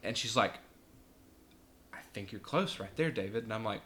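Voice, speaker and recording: A man, a podcast guest, telling a casual anecdote with animated delivery, acting out voices and laughing often. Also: on the low side, normal speed, slight background noise. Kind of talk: casual storytelling.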